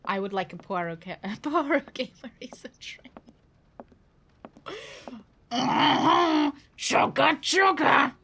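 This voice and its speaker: A woman's voice: high-pitched, big pitch swings, takes it slowly, pauses often, a bit bright, slight background noise. A woman streaming a video game, joking, giggling and thinking aloud as she plays. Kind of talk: casual gameplay commentary.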